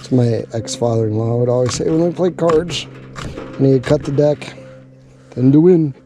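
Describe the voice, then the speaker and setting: A man's voice: medium pitch, normal speed, music in the background. A man talking casually outdoors as he cooks for his vlog, chatty and jokey, talking to himself as he works. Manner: chatty, jokey, talks to himself while working. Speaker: outdoor cooking vlogger. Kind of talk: casual cooking vlog chat. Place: outdoors at a camp cooking spot.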